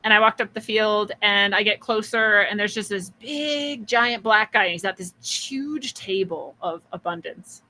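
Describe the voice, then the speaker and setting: A woman's voice: medium pitch, unhurried, hardly any pauses, sharp tone, low-quality recording. A woman hosting a podcast, musing through a spiritual story in a chatty way, with frequent laughs and restarts. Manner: acts out quoted voices. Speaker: podcast host.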